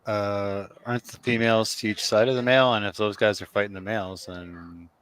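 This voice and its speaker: A man plays a tabletop game, hesitantly thinking his move through aloud. His voice is low, smooth and resonant. The sound is dry and close. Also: steady tone, brisk, fairly bright tone, dry recording. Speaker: player.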